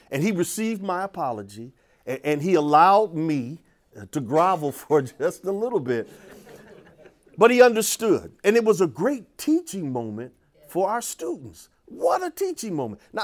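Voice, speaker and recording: With a high voice, an older urban ministry teacher animatedly recounts a story for an audience, often starting over and repeating himself.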